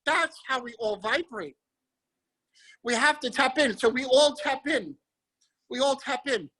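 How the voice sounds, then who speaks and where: A man leading a guided visualization on a group video call, energetic and emphatic, repeating his phrases. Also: very high voice, a little slow, slightly rough, low-quality recording. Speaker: motivational speaker.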